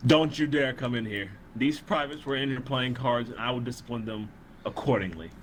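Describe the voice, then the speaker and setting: Stern male general, put on by a player: slow barked orders, noisy line. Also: medium pitch, a bit bright, natural voice. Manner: slow, barking, menacing orders.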